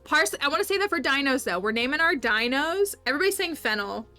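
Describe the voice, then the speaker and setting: A woman's voice: sits high, sing-song, quick pace, bright, forceful tone, soft background music. A woman livestreaming a game, chatting upbeat with her viewers and laughing often. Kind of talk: casual livestream chat with viewers.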